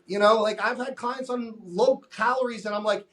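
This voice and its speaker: A man with a high voice for his sex talks as a fitness coach in a casual podcast chat. He is blunt, emphatic and freely profane. He often slips into quoted back-and-forth with his clients. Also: fairly even intonation, normal speed, hardly any pauses, fairly bright tone.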